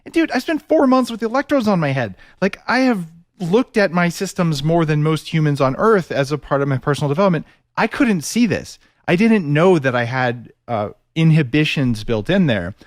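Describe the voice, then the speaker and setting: A man's voice: on the high side, very animated, normal speed, no room sound, studio quality. A man hosting a podcast interview, talking reflectively and candidly about his own experience. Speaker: podcast host. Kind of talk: conversational interview.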